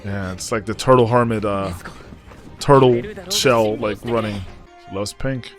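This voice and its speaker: A man hosting a casual anime reaction, excitable and slangy, exclaiming at the screen. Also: on the low side, measured pace, over music. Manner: slangy, says dude and bro a lot. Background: anime audio playing faintly.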